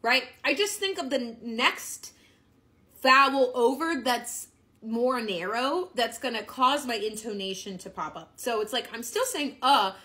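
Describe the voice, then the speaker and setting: A woman giving a singing lesson as a vocal coach, bubbly and quick to laugh at herself, breaking into sung demonstrations. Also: on the high side, pushed and bright.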